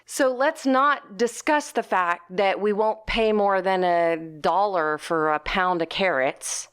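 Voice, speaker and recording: A woman's voice: slow, a bit bright, smooth. A woman co-hosting a casual podcast, talking emphatically and at length. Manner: talkative, emphatic, quotes clients in lowered voice. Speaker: podcast co-host. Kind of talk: casual conversation.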